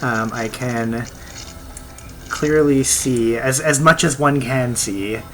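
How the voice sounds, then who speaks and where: A man's voice: mid-range voice, slow, low-quality recording. A man playing a tabletop game, hesitant and full of ums. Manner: hesitant, many ums, laughs. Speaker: player. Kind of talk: casual tabletop play.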